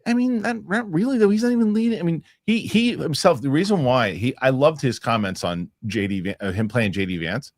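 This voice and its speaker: A man's voice: fairly high pitch, fairly quick, few pauses, no room sound, clean studio sound. A man hosting a casual movie chat show, reading viewer comments and joking with his co-hosts. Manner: animated, acts out sketch voices. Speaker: host.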